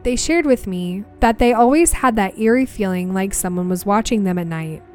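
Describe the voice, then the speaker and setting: A woman's voice: medium pitch, normal speed, darkish tone, faint music behind. Young woman telling a ghost story. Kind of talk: personal ghost story narration.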